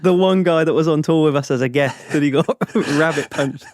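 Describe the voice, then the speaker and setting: A man's voice: fairly high pitch, brisk, darkish tone, no echo, studio quality. Laughing man on a podcast. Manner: laughing, easygoing. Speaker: podcast co-host. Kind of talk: casual chat.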